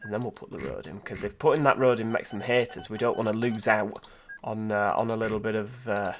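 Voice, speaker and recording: A man's voice: on the low side, fairly quick. A man giving casual let's-play commentary, thinking aloud and asking rhetorical tag questions. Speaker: gameplay commentator.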